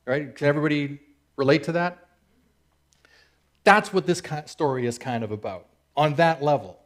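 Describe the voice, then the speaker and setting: A man in his forties giving a casual, conversational sermon in a church, telling a story and acting out its characters with sudden excited outbursts. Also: medium pitch. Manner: conversational storyteller who acts out characters with big swings into excited shouts. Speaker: speaker at a church service. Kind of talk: sermon retelling a parable. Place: church hall.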